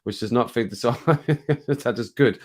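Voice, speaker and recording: A man's voice: medium pitch, measured pace. A middle-aged man from England hosting a casual live chat, reading out comments, laughing often and baby-talking to his cat at home. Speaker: livestream host.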